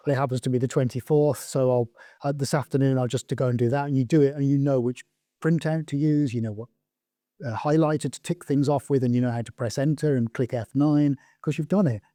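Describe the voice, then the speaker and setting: A man talks in an easy, earnest way, building on what the others have said. His voice is mellow and warm. The sound is dry and close, with little room in it. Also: medium pitch, dry recording. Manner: earnest, reflective, picks up on others' points. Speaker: podcast co-host, artist. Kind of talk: casual chat.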